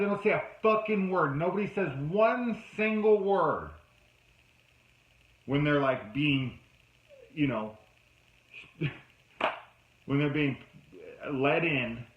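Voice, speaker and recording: A man's voice: fairly high pitch, slow pace, long pauses. Man, film reviewer, exasperated rant, lots of swearing, dull lo-fi sound, echoey room. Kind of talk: casual ranting review.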